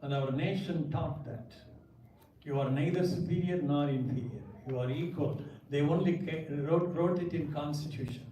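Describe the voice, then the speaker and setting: A man's voice: fairly high pitch, moderate pace, warm tone, a little hiss or hum. A man with a Tamil English accent, a pastor giving a parenting seminar talk, emphatic and repeating words for stress. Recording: echoey room, distant mic.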